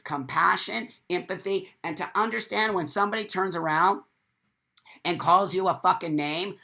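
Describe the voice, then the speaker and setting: A man's voice: sits high, vocal fry, pushed and bright. A man hosting a casual live stream, talking bluntly and swearing freely, and reading out viewer comments as he goes. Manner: reads viewer comments aloud.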